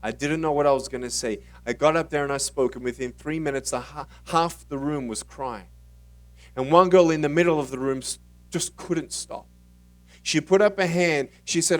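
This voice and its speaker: A motivational speaker at a conference, telling his own story in an animated way and acting out the dialogue. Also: fairly high pitch, moderate pace, far from the mic. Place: conference stage.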